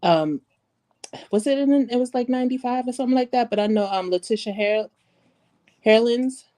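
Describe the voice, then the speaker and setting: A woman joining a live stream as a guest caller, chatting casually in a relaxed, conversational way. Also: fairly high pitch, moderate pace.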